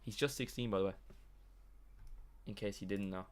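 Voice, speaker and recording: A man's voice: fairly low pitch, moderate pace. A man streaming live, reacting and rambling in a joking, self-mocking way. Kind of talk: casual live-stream commentary.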